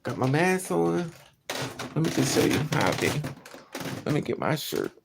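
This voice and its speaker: A man's voice: fairly high pitch, sing-song, moderate pace, gravelly, very noisy. A man chatting candidly with his livestream viewers, telling a personal story and answering comments. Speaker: vlogger.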